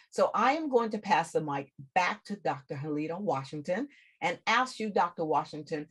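A woman's voice: fairly low pitch, animated, moderate pace, slightly rough. A woman hosting an interview show, effusive and speaking straight to her listeners. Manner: effusive, addresses listeners directly. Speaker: host. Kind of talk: radio-style interview hosting.

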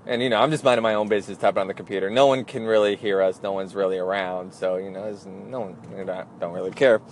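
A man's voice: medium pitch, darkish tone, a little hiss or hum. Young man telling a rambling story. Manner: rambling, acts out others' voices in quotes. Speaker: former airline gate agent. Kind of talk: casual storytelling.

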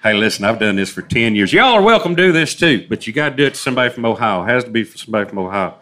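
A man's voice: medium pitch, animated, racing, fairly bright tone. Folksy drawling Southern man. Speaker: comedy duo performer. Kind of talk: stand-up banter before a live crowd.

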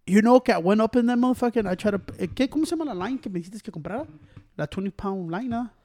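A man with a high-sitting voice races through a story while chatting casually with friends. He swears heavily and mimics other people's lines in a profane, animated way. No room sound; clean studio audio.

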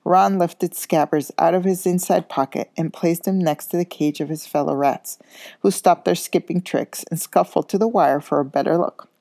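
A school coach reads a children's novel aloud at a steady, normal pace, in a very low, dark, gravelly voice. She occasionally stumbles on a word and corrects herself, and the recording is dry and close.

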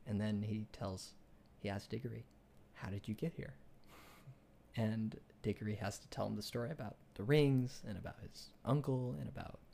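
A young man co-hosting a casual podcast, retelling a book in a rambling way with many restarts and fillers, and growing excited when he argues ideas. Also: on the low side, fairly quick, vocal fry, a little hiss or hum. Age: young adult. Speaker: podcast co-host.

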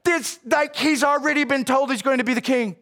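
A man preaching a sermon as a pastor, casual and animated, with slang. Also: very high voice, a little fast.

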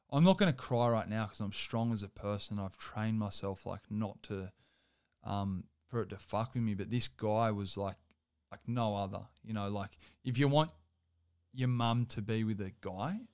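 A man's voice: lowish voice, moderate pace, a little mellow, smooth, no echo, studio quality. A young man, telling a personal story as a guest in loose, rambling casual talk full of swearing and filler words.

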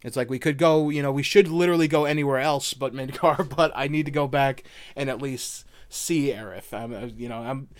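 A man's voice: mid-range voice, brisk, few pauses, smooth, dry recording, clean studio sound. A man co-hosting a podcast, loose and chatty, swearing casually as he breaks down a video game. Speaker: podcast co-host.

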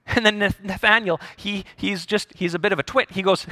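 A male pastor preaching a sermon, telling the story in an animated way with jokes and acted-out voices. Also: high voice, fairly quick, dry recording, clean studio sound.

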